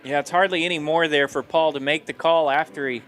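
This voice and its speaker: A man's voice: a little high, fairly even intonation, a little fast, fairly bright tone. A man calling live poker play-by-play in an upbeat manner, laughing easily. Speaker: poker commentator.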